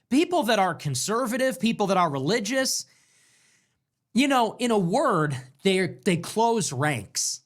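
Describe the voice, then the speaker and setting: A man's voice: very high voice, sing-song, a little slow, a bit bright. A man hosting a show, delivering an emphatic commentary monologue full of repetition and rhetorical questions. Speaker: show host.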